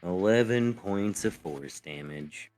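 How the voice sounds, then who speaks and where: Player, male, very deep voice, playful and jokey. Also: lively intonation, a little mellow, soft background music. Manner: jokey, playful, quick to tease. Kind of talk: casual tabletop game chat.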